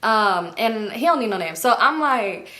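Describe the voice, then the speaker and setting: A woman's voice: mid-range voice, animated, moderate pace, sharp tone. A young woman telling a gossipy storytime, acting out quoted dialogue and swearing freely. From Los Angeles area. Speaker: vlogger. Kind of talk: casual storytime.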